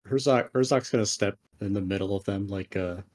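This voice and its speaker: A man's voice: fairly low pitch, fairly quick, a little mellow. A man casually narrating his character's actions during a tabletop game. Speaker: tabletop player.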